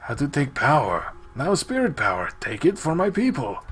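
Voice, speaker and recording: A man's voice: medium pitch, huge pitch swings, normal speed, a bit bright, breathy edge, pitched above the performer's own voice, full character voice. A man voicing a male clouded leopard spirit in a visual novel game, speaking in short, broken phrases. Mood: earnest.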